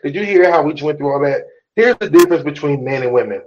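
A man's voice: on the high side, animated, fast talker, a little mellow, highs cut off. A man hosting a podcast, talking in a blunt, profane, emphatic way as he lectures his listeners. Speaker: podcast host. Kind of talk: casual opinionated podcast talk.

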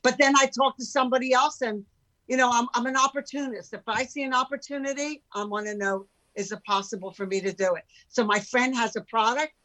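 A woman in her sixties, an entrepreneur guest in casual chat, talking in an animated, emphatic way with many rhetorical questions. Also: fairly high pitch, fairly quick, low-quality recording.

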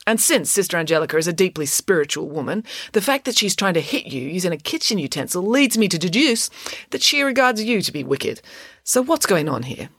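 A woman voicing a clever, self-assured teenage girl who explains things briskly and matter-of-factly. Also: on the low side, very animated, a bit bright, breathy edge, no room sound, studio quality, voice pushed up, full character voice.

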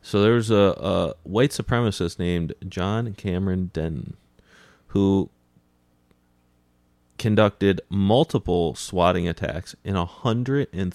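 Young male co-host, very deep voice; dry, teasing, laid-back storyteller. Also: a little mellow, dry recording. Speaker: podcast co-host. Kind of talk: casual chat, recounting news stories.

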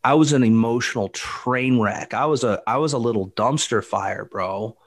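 Man, forties, podcast co-host, casual chat, rambling, animated, restarts sentences, says dude and bro. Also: medium pitch, moderate pace.

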